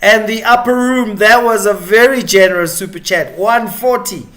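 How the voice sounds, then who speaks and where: A man putting on a loud American Southern voice, playing a hyped-up man cheering on donations with a repetitive, drawling delivery. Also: sits high, moderate pace, pitched above the performer's own voice.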